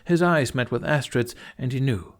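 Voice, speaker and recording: A man narrating a fantasy audiobook in an expressive storytelling style. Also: medium pitch, normal speed. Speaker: audiobook reader.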